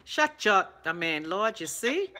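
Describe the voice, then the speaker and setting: A woman's voice: medium pitch, very animated, unhurried, pushed and bright. A middle-aged Bahamian woman co-hosting a show, chatting casually with a sassy, bossy teasing manner. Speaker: radio co-host. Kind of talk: casual chat.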